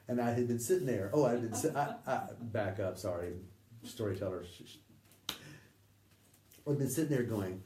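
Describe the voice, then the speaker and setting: A middle-aged man recounting memories in a halting, conversational way, often acting out the voices he quotes and sometimes dropping to a near whisper. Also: lowish voice, warm tone. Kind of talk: conversational anecdote telling. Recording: distant roomy recording with faint ambience.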